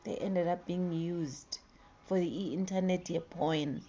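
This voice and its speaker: Slow-spoken dramatic South African woman. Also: on the low side, fairly even intonation, highs cut off. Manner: dramatic, swings from hushed to emphatic. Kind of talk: casual commentary video.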